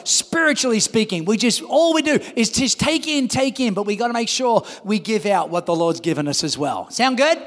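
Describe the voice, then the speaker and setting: A man in his fifties, a pastor preaching a sermon with passion, calling out to the congregation and rising to shouts. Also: high voice, lively intonation, normal speed, few pauses, big-room sound. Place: large church hall.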